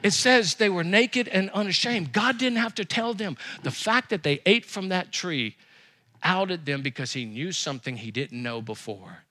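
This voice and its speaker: A man preaching a sermon as pastor, with emphatic repetition and quick rises and drops. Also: sits high, sharp tone.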